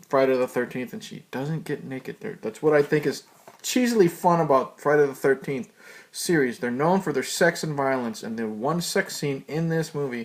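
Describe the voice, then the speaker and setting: Guy rambling thru a movie review, lots of swearing and ums, laid back. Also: a little high. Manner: loose, profane, rambling with fillers. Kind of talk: casual spoken movie review.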